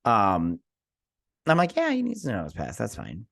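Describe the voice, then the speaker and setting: Man, lowish voice, casual rambling TV recap, lots of fillers and restarts. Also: moderate pace, vocal fry, slightly rough. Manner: rambling with many fillers and restarts, paraphrasing characters in a flat aside. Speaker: TV review host.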